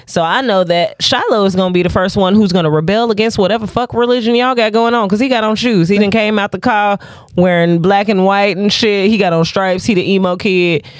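A woman's voice: medium pitch, brisk, dry recording, clean studio sound. A woman co-hosting a podcast, chatting casually in a comic, profane way, often laughing and slipping into voices as she tells a story. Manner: animated, profane, laughs a lot, mimics voices. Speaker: podcast co-host. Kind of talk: casual comedic chat.

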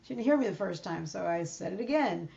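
A middle-aged woman co-hosts a podcast, telling everyday stories in casual chat and acting out what people said to each other. Her mid-range voice is warm and creaky, lively in intonation and a little fast, and the lo-fi recording sounds slightly dull.

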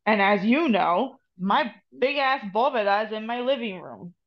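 New jersey woman, guest storyteller, swears a lot, slips into spanish, high voice, muffled lo-fi audio. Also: moderate pace. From United States. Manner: profane, animated, mixes in Spanish phrases. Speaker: podcast guest, Reiki master and tarot reader. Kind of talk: casual storytelling chat. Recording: dull lo-fi podcast audio.

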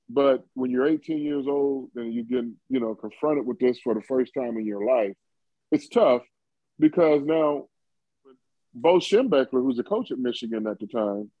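This former football player from Ohio, now in his fifties, speaks in a mid-range voice as he tells a meandering interview story, padding it with fillers and laughing often. The recording is dry and lo-fi with a dull quality and no audible room.

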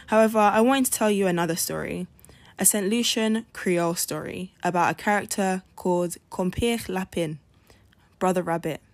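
Podcast lady telling a folk tale, clear and measured, dry close sound. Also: on the low side, no echo. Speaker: podcast host. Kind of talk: storytelling narration.

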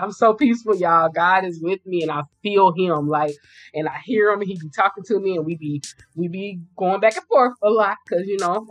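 A woman's voice: on the low side, rough recording. Chatty woman podcast host, casual. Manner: chatty, informal, addresses listeners as y'all. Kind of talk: casual solo podcast talk.

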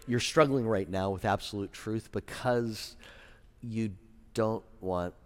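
A man pastor preaching a sermon in a conversational way, with wry asides and quieter serious points. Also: fairly low pitch, long reverb tail.

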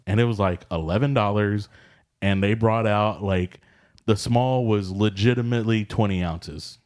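Deep-voiced laid-back man. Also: normal speed, a little mellow. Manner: laid-back, rambling, laughs often. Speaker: podcast co-host. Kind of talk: casual chat.

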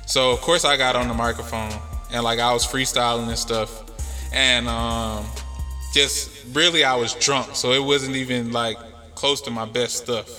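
A relaxed male podcast host talks through a story at an easy pace. His voice is bright and forward, heard with a long reverb tail. Faint music sits underneath. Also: medium pitch, moderate pace. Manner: laid-back, rambling with many fillers. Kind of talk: casual storytelling chat.

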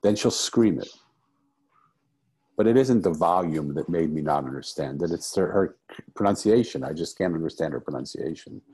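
A man's voice: low-pitched, expressive, normal speed, darkish tone, breathy edge. A middle-aged man telling a personal story as an interview guest, earnest and reflective, repeating phrases for emphasis. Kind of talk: conversational storytelling.

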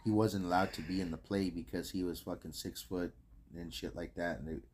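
A man talks casually on a podcast in a very deep, low voice, swearing loosely and trailing off. Faint noise sits under the recording. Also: steady tone, a little fast, darkish tone. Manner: laid-back, profane, mumbling asides. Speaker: podcast co-host. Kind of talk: casual chat.

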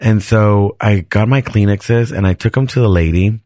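Low-voiced chatty man telling a story. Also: moderate pace, dry recording, clean studio sound. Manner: animated, chatty, restarts sentences and laughs often. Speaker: podcast host. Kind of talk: casual storytelling.

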